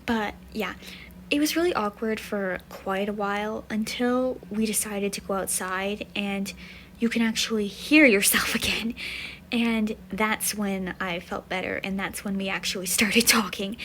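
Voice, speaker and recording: Speaking at normal speed with a medium, fairly bright voice, this young-adult student vlogger tells a loose storytime full of filler words, frequently dropping almost to a whisper. The audio is poor, with a little hiss or hum.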